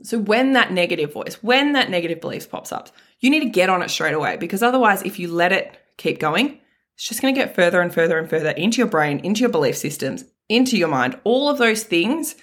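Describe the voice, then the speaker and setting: A woman hosting a self-help podcast speaks a little fast in a lowish, sing-song, slightly bright voice. Her motivational talk is candid and casual, with some mild swearing and plenty of emphatic repetition.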